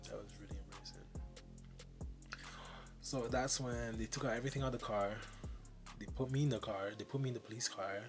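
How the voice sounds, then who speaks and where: A young man telling an animated, slang-heavy story time. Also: medium pitch, brisk, long pauses, music in the background. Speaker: vlogger.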